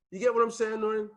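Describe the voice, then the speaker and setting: A man coaching his team on a video call, talking in a passionate, emphatic way that sometimes turns loud. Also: high voice, lo-fi sound. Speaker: team leader and business coach.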